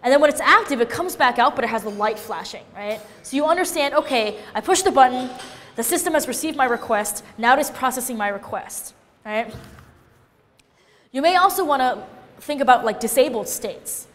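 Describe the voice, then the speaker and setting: A woman giving a casual, animated classroom lecture, often checking in with her listeners by asking "right?". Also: sits high, moderate pace, in a large hall.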